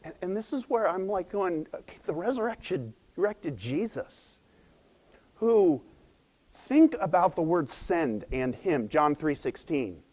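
A man's voice: high-pitched, unhurried. A middle-aged man, a pastor, preaching a sermon in a conversational, storytelling way. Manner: conversational storytelling with animated quoted voices.

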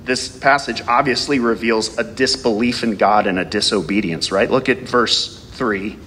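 A man's voice: fairly low pitch, moderate pace, pushed and bright, in a large hall, a little hiss or hum. A male pastor preaching a sermon, reading scripture aloud and asking the congregation rhetorical questions.

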